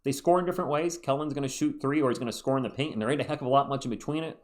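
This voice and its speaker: A man hosting his own sports commentary video, chatty and animated as he talks basketball. His voice sits at an ordinary middle pitch, and he throws in quick asides as he goes. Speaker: sports channel host.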